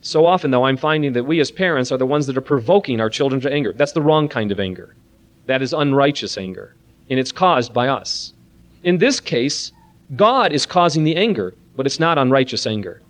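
A man leading a Christian parenting seminar, praying softly and then preaching earnestly and animatedly to a room of listeners. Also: medium pitch, fairly quick. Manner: earnest, animated preaching with a soft-voiced prayer. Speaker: seminar speaker. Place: room with an audience.

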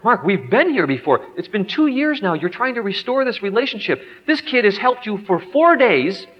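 A man voicing the Holy Spirit, who speaks calmly and rebukes gently. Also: high voice, moderate pace, pitched above the performer's own voice. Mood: gently rebuking. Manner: calm, searching, gently rebuking. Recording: dull lo-fi hall recording.

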